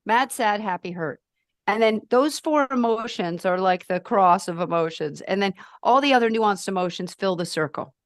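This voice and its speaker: A woman's voice: normal speed, no echo. Podcast guest: a forthright woman with emphatic delivery, recorded close and dry. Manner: emphatic, outspoken, animated ranting with swings in pitch. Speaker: podcast guest, life purpose coach. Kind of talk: casual podcast conversation.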